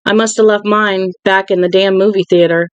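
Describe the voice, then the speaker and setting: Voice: mid-range voice, fairly even intonation, a little fast, clean tone, no echo, muffled recording, natural voice. Cynthia, a blunt, frustrated young woman in a storybook reading, in a dry close-up recording, as the reader puts her on. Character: Cynthia, a tough young woman stranded in a desert town.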